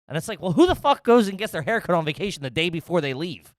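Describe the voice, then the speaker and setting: A man's voice: on the high side, sing-song, fast, few pauses, no echo, studio quality. A man hosting a casual comedy chat, telling a story, acting out other people's lines and swearing freely. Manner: swearing, acts out quotes of others. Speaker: podcast host.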